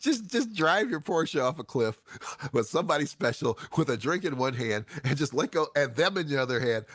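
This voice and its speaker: Lively older man telling stories. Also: mid-range voice, no room sound, clean studio sound. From Chicago. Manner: animated, laughing, full of restarts. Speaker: show host. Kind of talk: casual storytelling.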